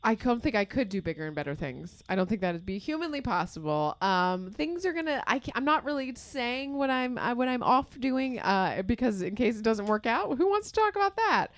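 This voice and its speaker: A woman's voice: a little high, very animated, fairly quick, few pauses, no room sound. A young woman co-hosting a podcast, chatty and self-mocking in casual talk. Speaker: podcast co-host. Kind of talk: casual chat.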